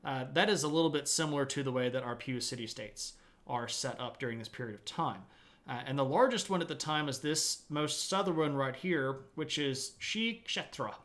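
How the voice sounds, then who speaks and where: A man's voice: medium pitch, fairly quick, fairly bright tone. A man hosting a live-streamed history lecture from home, talking in a casual, chatty way with self-deprecating asides.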